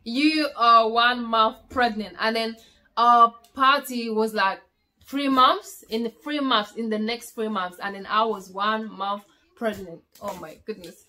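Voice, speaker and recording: A young woman telling her own story in a casual vlog, acting out the voices of the people she quotes, swinging from loud outbursts to hushed asides. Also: a little high, steady tone, measured pace. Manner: frequent fillers and restarts, swinging from loud to hushed. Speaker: vlogger.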